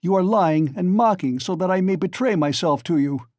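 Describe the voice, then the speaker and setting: A man voicing an angry, proud young student who shouts furious demands in a storybook reading. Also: high voice, moderate pace, dry recording, clean studio sound, voice pushed up, lightly acted.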